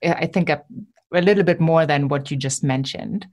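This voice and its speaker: A woman's voice: low voice, moderate pace, a little mellow. A woman hosting an interview, thanking her guest and sharing a similar story. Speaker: host. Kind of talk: podcast interview.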